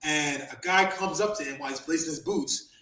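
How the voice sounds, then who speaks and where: A man hosting a podcast, telling profane, animated stories, laughing often and acting out the people he quotes. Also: a little high, fairly quick. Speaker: podcast host and former wrestler. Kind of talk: casual storytelling chat. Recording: roomy echo.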